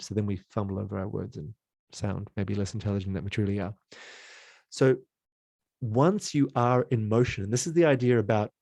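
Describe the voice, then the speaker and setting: Playful man teaching, mellow voice. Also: fairly low pitch, dry recording. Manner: playful, exploratory, jumps into sounds and voices. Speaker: creative workshop teacher. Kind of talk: online creativity lesson.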